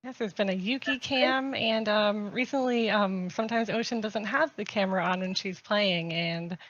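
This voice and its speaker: A woman's voice: medium pitch, normal speed, fairly bright tone, highs cut off. Hesitant laughing woman guest. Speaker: guest streamer. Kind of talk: casual chat.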